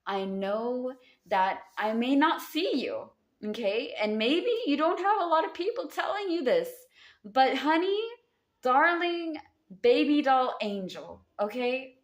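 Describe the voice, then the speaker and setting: A woman's voice: sits high, lively intonation, slow. Affectionate Southern woman reading tarot cards. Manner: affectionate, calls viewers honey and baby. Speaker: tarot card reader. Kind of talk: casual tarot reading to camera. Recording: roomy echo.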